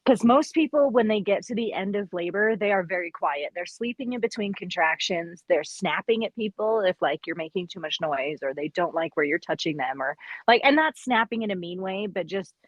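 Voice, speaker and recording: Woman, midwife, casual podcast chat, lively storytelling, dry recording. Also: on the low side, normal speed, hardly any pauses, no room sound, lo-fi sound. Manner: animated storyteller, quotes people in lively voices.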